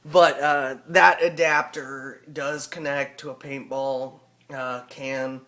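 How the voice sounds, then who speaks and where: A man's voice: mid-range voice, little pitch movement, slow, pushed and bright. A man with a rural Southern US accent, talking casually and rambling in a folksy way as a hobby vlogger. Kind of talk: casual vlog talk.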